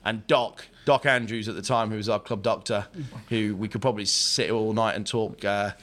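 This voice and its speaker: A man's voice: on the low side, fairly even intonation, moderate pace, fairly bright tone. A man, a former rugby prop, casually telling a story as a podcast guest, laughing and rambling as he goes.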